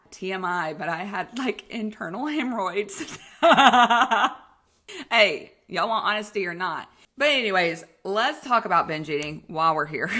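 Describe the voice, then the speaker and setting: A young woman hosting a podcast as a coach, telling stories in a casual, slangy, animated way and laughing often. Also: on the low side.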